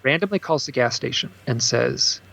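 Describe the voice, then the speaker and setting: A man's voice: normal speed, vocal fry, lo-fi sound. A man being interviewed as an author, telling stories at length and acting out what people said. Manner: animated storyteller, acts out quotes with bursts of high pitch. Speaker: author and guest. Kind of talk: storytelling in a podcast interview.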